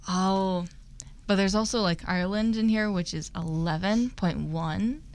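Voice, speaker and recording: A woman's voice: mid-range voice, a little slow, background noise. A woman hosting a casual group chat, talking loosely with many fillers. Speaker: host.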